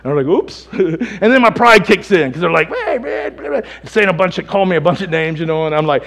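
A man preaching a sermon as a pastor, telling stories with lively acted quotes and laughter. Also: high-pitched, fast talker, gravelly, hardly any pauses, long reverb tail.

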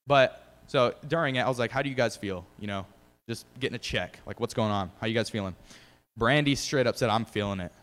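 A man's voice: mid-range voice, fairly quick, a bit bright, long reverb tail. A man giving a casual, rambling testimony about faith and preaching, full of fillers and restarts. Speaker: lay preacher.

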